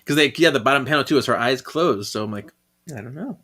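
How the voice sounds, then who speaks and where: A man's voice: medium pitch, expressive, quick pace, bright, forceful tone. A man co-hosting a podcast, casually talking through a comic and laughing often. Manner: laughs often, reads dialogue with playful voices. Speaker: podcast co-host.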